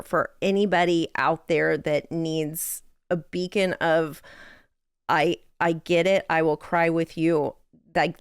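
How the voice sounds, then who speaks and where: Smooth, low-pitched woman telling a personal story. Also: no echo, clean studio sound. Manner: candid, chatty, frequent "like" and "um", laughs through sad moments. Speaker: widow sharing her story.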